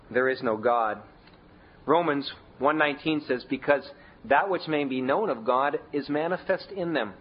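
A man preaching a sermon in a conversational way, leaning hard on key words with big shifts in pitch and volume. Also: slightly rough, lo-fi sound. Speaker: pastor.

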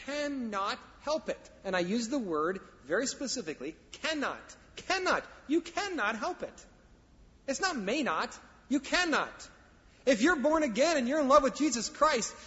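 A male pastor preaching a sermon, emphatic, swinging from quiet asides to loud declarations. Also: high-pitched. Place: church sanctuary. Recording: dull sound with long hall reverb.

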